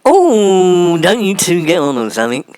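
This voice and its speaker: A man's voice: sits high, very animated, moderate pace, darkish tone, slight background noise. A man voicing a prim, simple-minded Englishman with a nasal, drawling manner in a comedy sketch. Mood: prim fussing.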